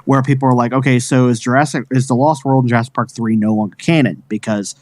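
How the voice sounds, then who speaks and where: An excitable man chatting on a podcast, rambling eagerly through a film recap with plenty of restarts. His voice sits in the middle of the male range. The recording is dry and close. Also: medium pitch, quick pace, dry recording. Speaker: podcast co-host. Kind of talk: casual chat.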